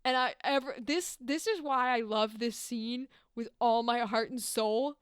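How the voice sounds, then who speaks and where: Young woman chatting on her podcast, high smooth voice, swears a lot, acts out bits. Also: unhurried, no echo, studio quality. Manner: animated, swears, acts out lines in playful voices. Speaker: podcast host. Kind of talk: casual podcast discussion.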